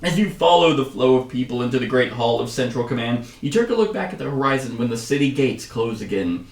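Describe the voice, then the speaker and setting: A man's voice: medium pitch, lively intonation, fairly quick, far from the mic. Man reading game story in roomy room. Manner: joking, laughs at his own reading. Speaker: host of a board game playthrough. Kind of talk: casual chat and reading story text aloud. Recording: roomy sound from away from the mic.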